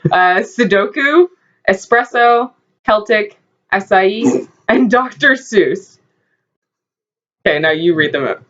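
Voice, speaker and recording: Lively-voiced giggly woman co-host, casual vlog, dull lo-fi sound. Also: medium pitch, slow, long pauses. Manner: giggly, playful. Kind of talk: casual chat, reading a word list. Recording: dull lo-fi audio.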